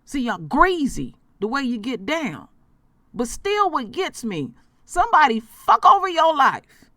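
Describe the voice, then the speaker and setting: A woman's voice: high voice, sing-song, unhurried, bright, forceful tone, no room sound, clean studio sound. A woman vlogger giving emotional commentary in a blunt, emphatic way, swearing freely.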